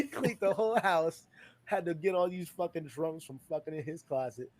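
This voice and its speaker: A man's voice: a little high, lively intonation, a little fast, a little mellow. A man co-hosting a podcast, telling a party story in casual chat, acting out the people he quotes with big jumps in his voice and swearing freely. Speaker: podcast co-host. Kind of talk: casual storytelling among friends.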